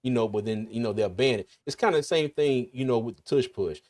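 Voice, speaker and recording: A man's voice: mid-range voice, quick pace, hardly any pauses, a little mellow. A man with a slight lisp hosting a casual sports talk livestream, rambling and laughing often. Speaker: podcast host.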